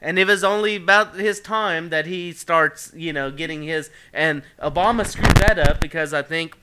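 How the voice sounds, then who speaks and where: A man co-hosting a podcast, chatting casually and joking in an animated, rambling way. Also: fairly high pitch, moderate pace, background noise. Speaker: podcast co-host. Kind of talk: casual chat.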